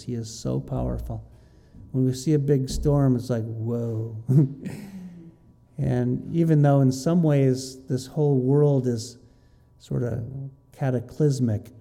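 A man reading Bible verses aloud and explaining them in a lively, conversational teaching style. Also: medium pitch. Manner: reads scripture aloud, then explains it with lively asides.

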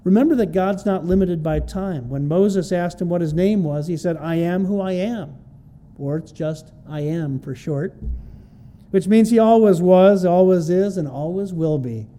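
A man's voice: on the high side, normal speed, warm tone. A man preaching an expository sermon, teaching verse by verse in a plain conversational way and repeating key phrases for emphasis. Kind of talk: expository sermon on a Bible passage.

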